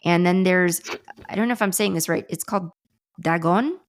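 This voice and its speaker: A woman's voice: fairly low pitch, moderate pace. A woman hosting a horror podcast, talking casually in a rambling way with restarts and laughs. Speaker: podcast host. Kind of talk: casual chat.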